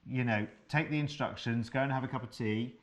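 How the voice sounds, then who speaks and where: A man's voice: mid-range voice, a little fast. Chatty man hosting a sewing show. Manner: chatty, enthusiastic, asks the guest questions. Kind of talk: live studio presenting. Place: TV studio.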